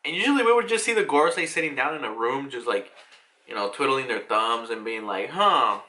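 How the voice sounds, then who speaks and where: Young male reaction host, lively swinging pitch, bright edge, casual and cussing, breaks into quick mock voices. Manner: animated, profane, jumps into excited mock voices of the characters.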